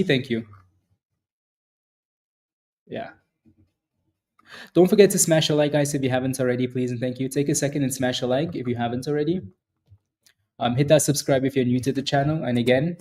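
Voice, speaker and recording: This stock trading livestream host has a mid-range, slightly mellow voice. He offers casual market commentary, responds to viewers by name, and rambles with plenty of restarts.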